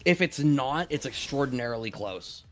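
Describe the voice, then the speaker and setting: A man commentating a fighting game tournament, quick and animated, now and then swearing casually. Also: medium pitch, soft background music. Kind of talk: esports play-by-play commentary.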